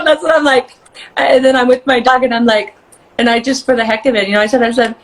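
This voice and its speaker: Bubbly woman guest, higher voice. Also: steady tone, quick pace, low-quality recording. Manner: bubbly, laughs often, acts out voices in her stories. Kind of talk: casual interview chat.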